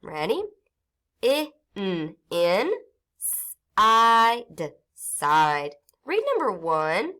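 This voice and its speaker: A woman teaching a phonics lesson to young children, sounding out syllables slowly and clearly. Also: lowish voice, wildly swooping pitch. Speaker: reading teacher.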